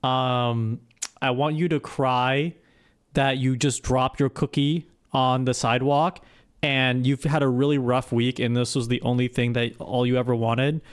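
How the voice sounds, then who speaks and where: A man streaming live, giving halting, hesitant instructions full of fillers. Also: medium pitch, flat delivery, smooth. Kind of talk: casual live-stream chat.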